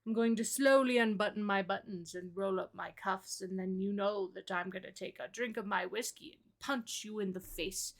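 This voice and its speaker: A woman voicing a posh, pompous male gentleman with a put-on British accent and a menacing streak. He speaks in an affected drawl. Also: medium pitch, moderate pace, few pauses, natural voice. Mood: smug menace.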